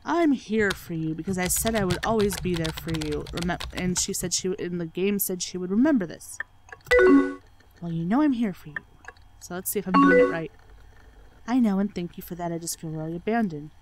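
A woman's voice: on the low side, animated, brisk, loud music behind the voice, rough recording. A woman doing game playthrough commentary, sarcastic and swearing freely as she reads the on-screen chat aloud. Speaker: let's play gamer.

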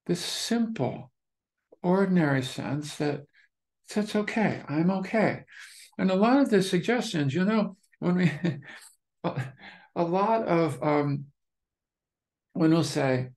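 Unhurried man giving a meditation talk. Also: high-pitched. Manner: relaxed, repetitive, searching phrasing with many restarts. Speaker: meditation teacher. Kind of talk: dharma talk.

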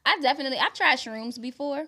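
A woman's voice: high voice, fast, sharp tone. A woman guest, a musician and actress, joking and laughing in casual slangy talk. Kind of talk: casual chat.

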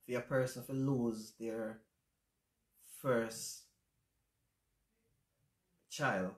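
A man with a Jamaican accent hosting a casual livestream chat, speaking in a reflective, halting way with many fillers. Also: mid-range voice. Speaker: channel host. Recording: roomy echo.

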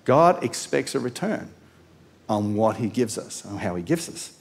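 A male pastor giving a sermon, retelling scripture in an animated storytelling way. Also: lowish voice, measured pace, creaky.

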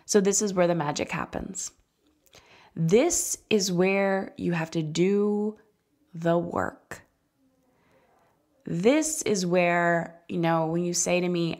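A woman in her thirties hosting a solo parenting podcast, speaking candidly and conversationally, slowing down to stress key points. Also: lowish voice, steady tone, a little mellow. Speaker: podcast host and parenting coach.

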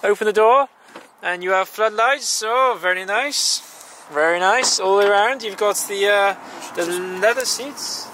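A man with a high, bright and sharp voice jokes about his car from behind the camera. He repeats himself goofily, with faint outdoor noise around him. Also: a little slow. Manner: jokey, goofy repetition. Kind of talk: casual banter. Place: outdoors beside parked cars.

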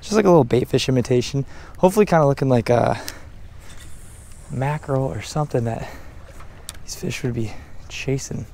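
A man filming a casual fishing vlog outdoors on a beach and jetty, talking in an excitable, slangy way and exclaiming often. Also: medium pitch, a little fast, gravelly, pauses often, slight background noise. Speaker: fishing vlogger.

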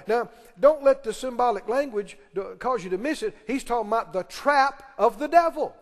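A pastor preaching a sermon in a church, emphatic and pressing the congregation with questions and call-and-response. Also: male voice, very high-pitched, normal speed, hardly any pauses. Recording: long reverb of a large hall.

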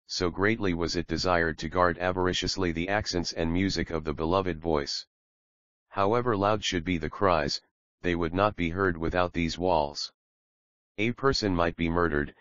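A man narrating a classic novel in a measured, even reading. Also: deep voice, no room sound, muffled recording. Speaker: audiobook narrator. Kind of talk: scripted narration.

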